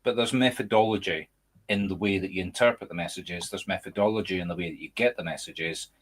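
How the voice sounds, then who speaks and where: A man's voice: low voice, fast. A Scottish man hosting a casual chat over a video call, speaking emphatically and candidly. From Scotland. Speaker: medium and podcast host.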